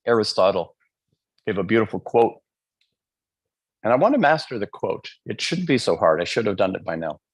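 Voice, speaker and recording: A man giving a fervent live motivational speech often questions his audience and acts out quotes in changed voices. His voice is fairly low and husky, very animated, at a normal speed with frequent pauses.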